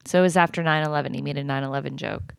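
A woman's voice: low-pitched, fairly even intonation, racing, creaky, smooth, dry recording, studio quality. A woman co-hosting a podcast in casual chat, playful and full of questions. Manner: playful, laughs often, asks lots of questions. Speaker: podcast co-host.

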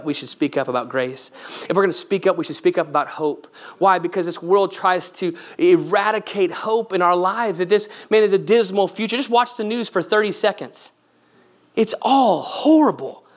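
A man's voice: high-pitched, a bit bright. A male pastor giving a sermon, earnest and conversational, often putting direct questions to the congregation.

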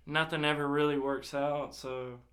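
A man's voice: fairly high pitch, moderate pace. Young man, casual storytelling, heavy swearing, quotes people. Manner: swears a lot, animated retelling with quoted dialogue. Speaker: guest telling a personal story.

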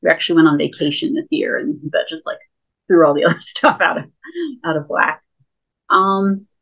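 A woman with a low voice talks as an interview guest, explaining casually and peppering her speech with fillers. Her audio comes through a thin, phone-like remote call line. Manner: chatty, explains with many fillers. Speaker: guest, lightsaber school founder.

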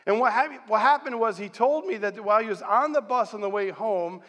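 A middle-aged man from central New York preaching a sermon as pastor, telling stories in an animated way and rallying the congregation. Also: high-pitched, fairly quick. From central New York, USA. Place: large church hall. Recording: long hall reverb.

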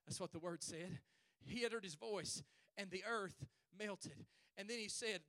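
A male pastor preaching a fervent sermon at a church service, stretching his phrases and rising to shouts. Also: high voice, measured pace, dry recording.

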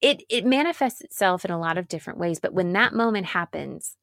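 Woman pastor-speaker, earnest and emphatic, slightly low voice, close and dry. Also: lively intonation, a bit bright, no echo. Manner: earnest, emphatic, with repeated phrases and slow pauses. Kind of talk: reflective spoken talk on grief.

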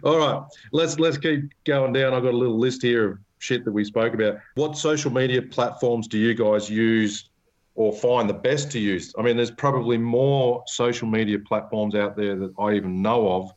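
Laid-back male podcast host, mid-pitch voice, rambling, laughs a lot, slightly dull lo-fi audio. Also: steady tone, moderate pace, a little mellow. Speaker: podcast host, knife maker. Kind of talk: casual chat.

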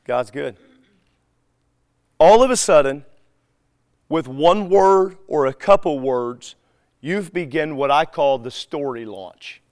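A man teaching a live group in a relaxed, conversational way. He acts out bits of everyday dialogue as he tells his stories. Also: fairly high pitch, slow, long pauses, no echo, clean studio sound. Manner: animated storyteller who acts out dialogue.

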